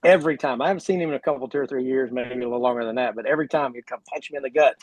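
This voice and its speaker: A man's voice: medium pitch, rapid-fire, dry recording, poor audio. A man with an Oklahoma drawl, a guest on a casual podcast, rambling with lots of "you know" and restarts. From Oklahoma, USA. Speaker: guest, sprint car driver.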